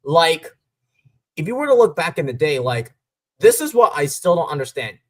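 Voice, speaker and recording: A man hosting a casual sports talk stream with a fairly high voice. He rants in an exasperated way and throws in the odd curse. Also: very animated, normal speed. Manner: ranting, frustrated, swears. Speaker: podcast host.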